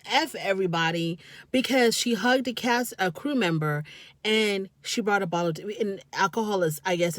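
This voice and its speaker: Animated woman reviewing reality TV, dry sound. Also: medium pitch, no echo. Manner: animated, scolding, talks straight to the people on the show. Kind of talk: casual commentary.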